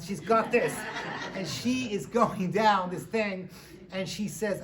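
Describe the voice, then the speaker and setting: Joking rabbi telling a lively story. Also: male voice, high-pitched, normal speed, crowd noise. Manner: animated, joking, lots of fillers. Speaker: rabbi lecturer. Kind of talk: humorous sermon storytelling. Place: synagogue lecture.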